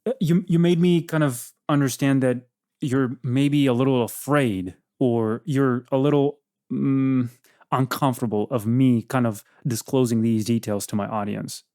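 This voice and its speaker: Brief: blunt male host grilling an AI, mid pitch, dry close sound. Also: steady tone, unhurried, mellow, dry recording. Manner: probing, blunt, rambling. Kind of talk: casual chat.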